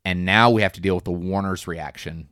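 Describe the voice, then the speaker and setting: A low-voiced man chats casually through a movie's plot, pausing to act out lines in passing. The sound is close and dry, with no room around it. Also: steady tone, fairly bright tone, smooth, no room sound. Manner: retells scenes, acting out quotes. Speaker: podcast co-host. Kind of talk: casual movie recap chat.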